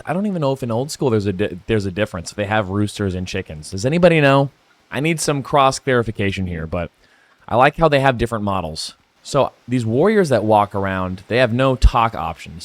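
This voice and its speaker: A man's voice: mid-range voice, no room sound. A young adult man chatting casually to viewers while playing a game, laid-back and talkative. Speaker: gaming channel host. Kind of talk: casual gameplay commentary.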